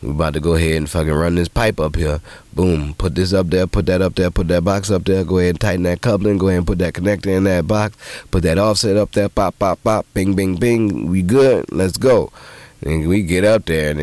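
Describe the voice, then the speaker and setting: Male podcast host, low voice, dry close sound, profane animated storyteller with sudden high-pitched quotes. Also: fairly quick, no echo. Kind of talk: casual monologue.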